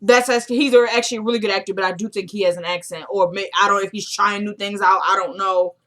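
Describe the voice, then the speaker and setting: A woman's voice: mid-range voice, steady tone, quick pace, a bit bright. Chatty opinionated woman vlogger. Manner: chatty, opinionated, slangy retelling. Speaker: TV recap vlogger. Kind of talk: casual episode recap.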